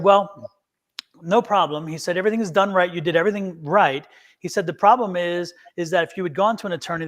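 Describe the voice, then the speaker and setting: Storytelling male tarot host, high voice. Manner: rambling, acts out both sides of a phone call. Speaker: tarot reader, show host. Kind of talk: casual storytelling on a live stream.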